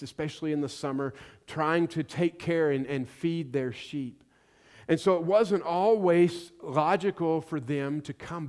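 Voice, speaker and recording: A man's voice: mid-range voice, darkish tone. A man preaching a sermon as pastor, telling stories conversationally with light jokes. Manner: storytelling, conversational with self-deprecating jokes. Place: church sanctuary.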